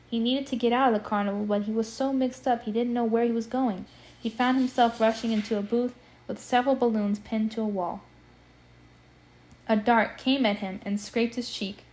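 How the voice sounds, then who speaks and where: Casual amateur reader lady, chatty and expressive, kinda high voice. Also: poor audio. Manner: chatty, expressive, breaks off to comment. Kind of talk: casual read-aloud with commentary.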